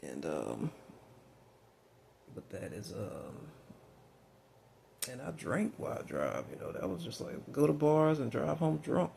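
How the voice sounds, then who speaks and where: A man's voice: mid-range voice, sing-song, a little slow, vocal fry, pauses often, a little mellow, slight background noise. A middle-aged man with a Southern US accent, talking through a frank, meandering personal monologue with lots of fillers and restarts.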